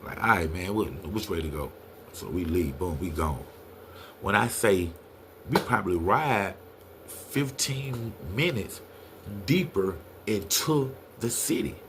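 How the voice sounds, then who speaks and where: Animated man telling a story. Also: a little slow, background noise. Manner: animated, acts out quotes in a higher voice. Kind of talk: casual storytelling.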